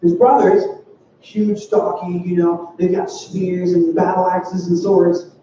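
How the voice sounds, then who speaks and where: A young man giving a youth sermon in a church, telling a story in an animated way with playful acted quotes. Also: high voice, slow pace, slight background noise. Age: young adult. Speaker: youth speaker. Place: church sanctuary. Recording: dull, distant, roomy church sound.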